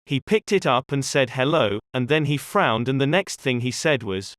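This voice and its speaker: A male audiobook narrator tells the story in a measured, expressive way, his pitch moving up and down freely. He sits close to the mic in a dry, deadened space. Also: no echo. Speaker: audiobook reader. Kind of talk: scripted first-person narration.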